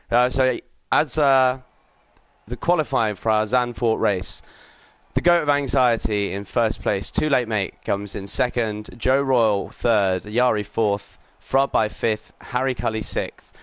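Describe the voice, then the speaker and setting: A man giving upbeat live commentary on a sim racing league stream, chatting with viewers and filling pauses with ums and uhs. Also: mid-range voice, a bit bright, clear, resonant tone. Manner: greets chat viewers while commentating.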